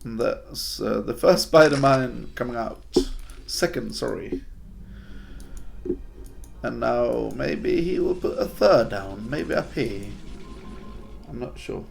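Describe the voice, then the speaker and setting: A man's voice: medium pitch, slow pace, vocal fry, pauses often, music in the background. A man from Sweden, a native Swedish speaker, casting a game in English in a chatty, hesitant way while answering viewer chat. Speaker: game caster. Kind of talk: casual live-stream game commentary.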